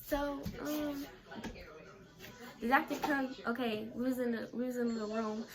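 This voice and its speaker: A woman's voice: on the high side, measured pace. A teenage girl vlogging a casual storytime, talking in a chatty way full of "like". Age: teens. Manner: chatty, fills talk with "like".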